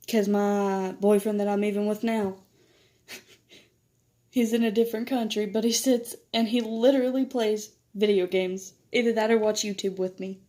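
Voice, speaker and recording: A teenage girl chatting casually in a vlog, telling stories while doing her makeup. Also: a little mellow. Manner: chatty, laughs often, quotes others in higher voice. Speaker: vlogger.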